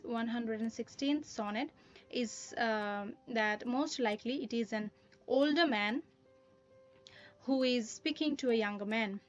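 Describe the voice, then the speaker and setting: A woman lecturing on a poem in a careful, explanatory way, often pausing with "uh" as she works through her points. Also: on the high side, lo-fi sound. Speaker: literature teacher. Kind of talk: recorded poetry lesson.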